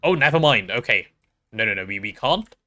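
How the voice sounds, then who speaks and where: Young guy streaming a game, playful rambly chat, bouncy lively voice, bright tone. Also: fairly low pitch, brisk. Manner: rambling, playful, self-deprecating storytelling. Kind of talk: casual gaming stream chat.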